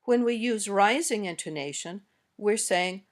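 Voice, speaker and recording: Woman modeling questions in an American accent. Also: mid-range voice. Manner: slow, carefully modeled example sentences. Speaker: English teacher. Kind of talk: scripted lesson narration.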